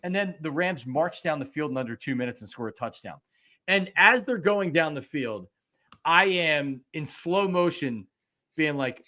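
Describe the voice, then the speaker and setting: A man's voice: fairly high pitch, lively intonation, moderate pace, pushed and bright. A middle-aged man, hosting a casual sports talk show and getting worked up as he acts out his own reactions. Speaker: podcast host.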